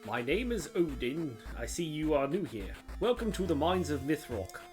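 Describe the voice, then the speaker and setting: A man voicing a stoic, dignified male raven guide in a game, speaking slowly and formally with an attempted British accent. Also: fairly high pitch, very animated, fairly bright tone, faint music behind. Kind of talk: game dialogue read on a live stream.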